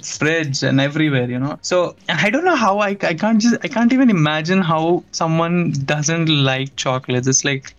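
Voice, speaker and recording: Chatty, excitable podcast host. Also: medium pitch, moderate pace, few pauses, highs cut off. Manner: chatty, laughs often, excitable. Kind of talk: casual chat.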